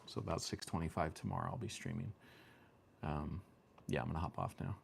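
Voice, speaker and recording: A man's voice: a bass voice, big pitch swings, brisk, vocal fry, slight background noise. A man streaming from home, chatting casually in a rambling, hesitant way with lots of ums and restarts. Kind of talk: casual chat. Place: home room with fan and lights.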